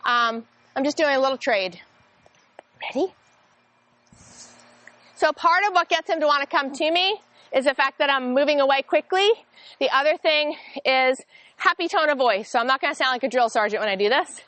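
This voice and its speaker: A woman dog trainer walks through a training demonstration with a high, bright-pitched voice. Her tone is friendly and explanatory. The sound is close and dry. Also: brisk, no echo. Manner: friendly, explanatory, breaks into bursts of high, excited praise.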